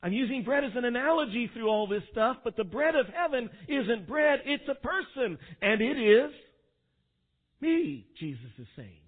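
A male pastor preaching a sermon, swinging from quiet asides to loud, dramatic quotations. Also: extremely high pitch, very animated, normal speed, slightly rough. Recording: tinny phone-like sound.

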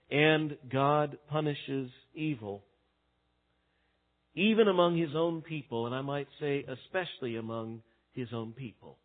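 A man preaching a sermon as a pastor, swinging between loud emphatic lines and hushed ones. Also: a little high. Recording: tinny phone-like sound.

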